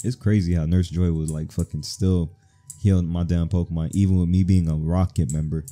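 A man's voice: sits low, fairly even intonation, moderate pace, dark tone. A man giving joking, slangy, profane let's-play commentary as a gaming channel host. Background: faint game music.

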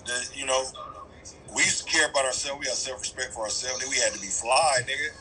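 A man's voice: mid-range voice, fast talker, a little hiss or hum, rough recording. A middle-aged man talking on a radio show, swearing freely and laughing often as he tells stories. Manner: animated, profane, storytelling with frequent laughs. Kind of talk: casual radio chat.

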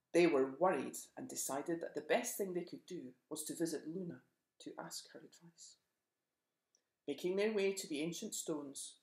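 A storyteller reading a children's picture book aloud, gentle and expressive. The voice has a gravelly, fry-tinged texture at a middle pitch. The recording carries a roomy echo.

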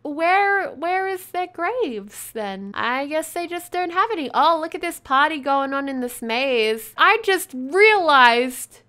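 A woman hosting a let's play, giving excitable gameplay commentary full of gasps and exclamations of wonder. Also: sits high, slow, few pauses.

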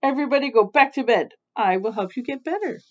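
An earnest young girl witch, brisk and determined, as a woman reading aloud puts her on. The voice is lifted a little higher than a plain reading voice. The recording is dull and lo-fi. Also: expressive, a little hiss or hum, lightly acted.

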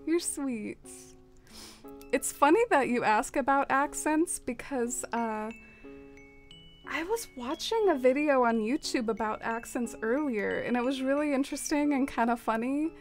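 Young woman, live streamer, casual chat while gaming, soft-spoken, rambling, fillers, faint background music. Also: sits high, lively intonation, measured pace.

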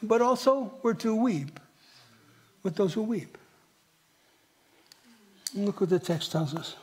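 Husky-voiced high-pitched preacher. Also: male voice, expressive, slow pace. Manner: dramatic, dropping to near whispers and rising for emphasis; asks the congregation rhetorical questions. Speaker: pastor. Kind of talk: sermon. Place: church.

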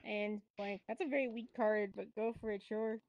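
A woman's voice: mid-range voice, fairly even intonation, normal speed, no room sound, highs cut off. A woman chatting casually while reading out game cards to a group of players. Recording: chatter of a crowd behind.

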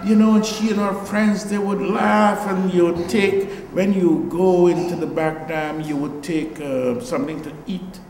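A man's voice: high voice, steady tone, a little slow, hardly any pauses, a little mellow, roomy sound, in a large hall, slight background noise, rough recording. An older man with a Guyanese accent, an artist giving a reflective, storytelling talk about his work in a gallery. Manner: reflective, storytelling, trailing asides.

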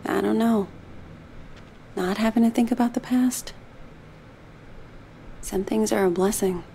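An actress playing a troubled young woman haunted by her past, guarded and tense, quick to shout, in a video game. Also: on the high side, gravelly, slight background noise. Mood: uneasy. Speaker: main character.

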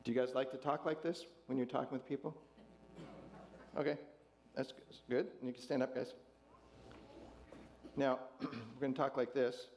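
A man's voice: mid-range voice, little pitch movement, normal speed, long pauses, darkish tone. A man pastor leading an interactive sermon with volunteers, jovial and chuckling as he asks the congregation questions.

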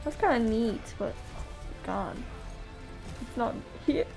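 A woman's voice: a little high, lively intonation, slow pace, gravelly, over music. A woman streaming a game live, chatting bubbly to her chat and laughing often. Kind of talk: live gameplay commentary.

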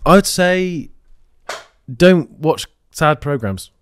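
A man's voice: on the high side, animated, drawn-out words, smooth. A young man co-hosting a podcast, making crude teasing jokes and dry asides in casual chat. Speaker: podcast co-host. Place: podcast studio.

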